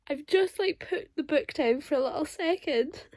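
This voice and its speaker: A woman's voice: sits high, normal speed, darkish tone, no room sound. A young woman vlogging emotional reactions aloud as she reads a novel. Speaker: booktuber reading a novel. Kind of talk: casual reading vlog reactions.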